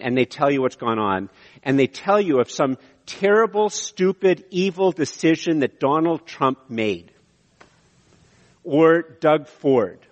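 A man from Canada preaching a sermon, animated, with emphatic rises and frequent restarts. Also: fairly high pitch, lo-fi sound. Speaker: pastor. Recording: reverberant hall from a distance.

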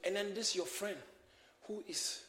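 A man preaching a sermon, shouting and exhorting his congregation in call-and-response. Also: high voice, steady tone, unhurried. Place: church hall with congregation. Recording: echoey church hall, crowd behind.

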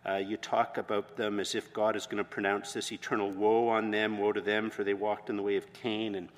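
A pastor giving a conversational sermon, full of fillers and restarts. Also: male voice, lowish voice, level tone, a little fast, in a large hall.

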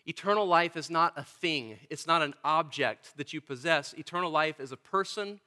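Male pastor, sermon delivery, emphatic with repeated phrases; voice sits a bit high and bright. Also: moderate pace, few pauses.

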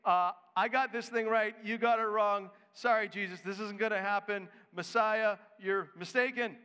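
A man's voice: high voice, fairly even intonation, normal speed, sharp tone, clear, resonant tone, pitched above the performer's own voice. A man voicing an impulsive disciple who bluntly protests to his master, in an echoey hall. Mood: blunt, defiant.

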